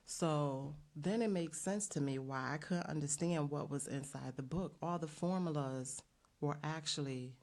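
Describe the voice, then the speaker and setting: Woman, low voice, middle-aged, earnest storyteller, lots of fillers, interview guest. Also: unhurried, a little mellow. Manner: earnest, many fillers, acts out quotes. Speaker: bakery owner, guest.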